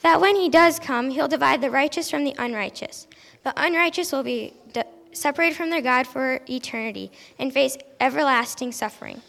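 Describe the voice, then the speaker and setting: A woman plays a solemn male prophet delivering warnings in a slow, preachy way. The voice is high and bright with a gravelly edge, and a long hall reverb trails it. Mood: preaching. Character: solemn male prophet messenger, stern but kindly. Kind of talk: amateur stage play.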